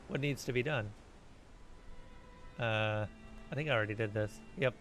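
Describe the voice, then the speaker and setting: A man streaming a game, making quiet, low asides between read-out dialogue. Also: unhurried, vocal fry, long pauses, faint music behind. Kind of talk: casual let's-play commentary.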